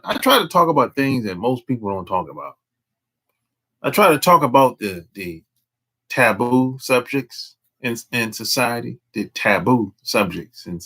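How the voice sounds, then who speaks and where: A man chatting casually on a live stream in loose, slangy speech. He drawls, circles back and repeats his points. His voice is bright and swings widely in pitch. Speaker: dating coach hosting a live stream.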